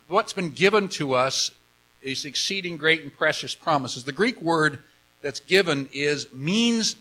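A man's voice: on the high side, pushed and bright, poor audio. A man preaching a sermon, enthusiastic and emphatic, often repeating words as he explains scripture. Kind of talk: sermon with Bible reading.

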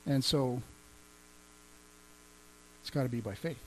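A man's voice: mid-range voice, slow, a little mellow, a little hiss or hum, rough recording. A man teaching as a pastor, speaking conversationally, quoting scripture and chuckling now and then. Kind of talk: teaching on healing and faith.

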